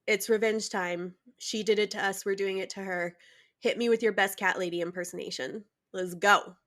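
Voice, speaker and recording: A woman's voice: medium pitch, fairly even intonation, moderate pace, a bit bright. A woman co-hosting a comedy podcast, chatting playfully and eagerly. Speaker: podcast co-host. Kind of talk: casual comedy podcast chat.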